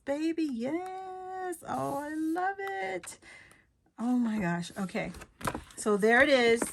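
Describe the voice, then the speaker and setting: A woman showing off craft paper in a casual haul video, gushing with delight, dropping into soft asides and a little out of breath. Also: medium pitch. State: a bit out of breath. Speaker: craft vlogger.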